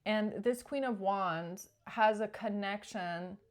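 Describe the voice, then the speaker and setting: A woman's voice: medium pitch, takes it slowly. A woman doing a casual tarot reading, chatty and acting out pleading quotes along the way. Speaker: tarot reader.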